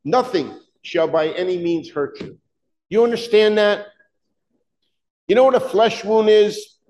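A man preaching a sermon, emphatic and fervent, often questioning his listeners, with halting restarts and "uh" fillers. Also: sits high, a little mellow, low-quality recording. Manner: emphatic, rising to fervent peaks, asks the congregation questions.

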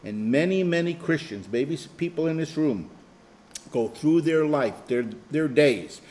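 A man's voice: a little high, lively intonation, measured pace, darkish tone. Older man giving a rambling sermon. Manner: rambling, repeats phrases, chuckles. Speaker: Bible study leader. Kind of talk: informal sermon to a group.

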